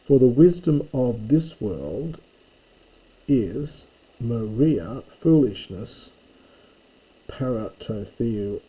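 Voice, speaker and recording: Slow, dark-voiced man teaching. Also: medium pitch, expressive, breathy edge, poor audio. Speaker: Greek teacher. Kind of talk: slow, methodical lesson reading and parsing text.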